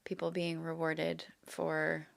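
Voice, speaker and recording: A woman co-hosts a casual podcast with a very low, heavily gravelly voice. She speaks candidly and earnestly, with clear emphasis. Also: completely flat delivery, slow. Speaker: guest co-host, educator.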